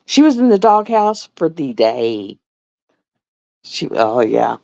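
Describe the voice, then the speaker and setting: A woman telling stories on a live stream in a casual, animated way, laughing and acting out voices. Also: rumbling low, slow pace, vocal fry, no echo. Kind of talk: casual storytelling chat. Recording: dull lo-fi sound.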